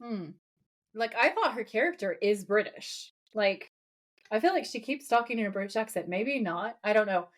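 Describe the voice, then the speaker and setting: This co-host, a woman raised partly in America, chats casually about a TV episode, playfully reenacting quoted lines and scenes with lots of energy. Her pitch is medium and her speed normal.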